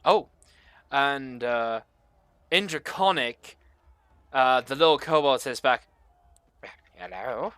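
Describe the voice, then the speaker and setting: GM, bright and crisp, dry close sound, rambling scene narration. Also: medium pitch, slow pace, long pauses, no room sound. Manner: loose, filler-heavy description. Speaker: game master. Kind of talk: narrating a tabletop game.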